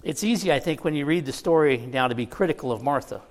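A man's voice: on the high side, animated, fast talker. Conversational man preaching a sermon. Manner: conversational, with joking asides to the congregation. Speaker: pastor.

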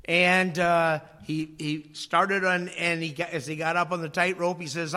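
A man preaching a sermon, slow and dramatic, dropping to a near whisper on key phrases and acting out voices in his stories. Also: a little high, level tone, pushed and bright. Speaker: pastor.

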